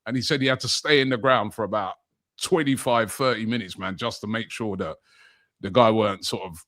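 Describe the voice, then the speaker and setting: Talking a little fast in a fairly low voice, this podcast co-host relates a funny fan story during casual conversation. He brings it to life by doing voices for each fan he quotes.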